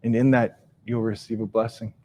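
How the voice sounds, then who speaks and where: Reflective man teaching in slow phrases. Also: fairly low pitch, level tone, a little hiss or hum. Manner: slow, reflective delivery with soft, trailing phrase endings; repeats and restarts phrases while searching for words. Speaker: Ojibwe language teacher and speaker. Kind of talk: live teaching talk with storytelling.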